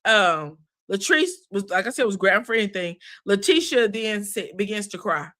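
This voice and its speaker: A woman's voice: medium pitch, expressive, moderate pace, sharp tone. A woman giving a chatty, sassy recap of a reality show, full of asides. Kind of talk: casual recap commentary.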